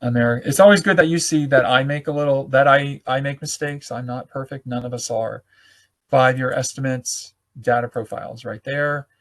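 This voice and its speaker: Clicking through an on-screen demo, a webinar presenter of ordinary pitch teaches a live online class at normal speed, speaking loosely and fixing his own slips as he thinks aloud. He is losing his voice, so it sounds a bit hoarse over a computer mic on a video call.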